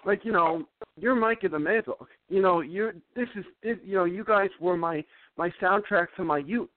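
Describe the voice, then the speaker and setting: Over a dry, tinny phone-line sound with no room ambience, a male sports radio host talks at a moderate pace in a high voice. He's chatting casually on his call-in show and telling a meandering story that keeps starting over.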